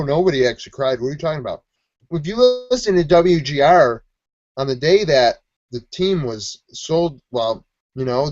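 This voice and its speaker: A man's voice: a little high, no room sound, dull audio. A man from Buffalo co-hosting a sports podcast, telling stories in casual chat and acting out quotes as he goes. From Buffalo, New York. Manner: rambling, animated storytelling with quoted voices.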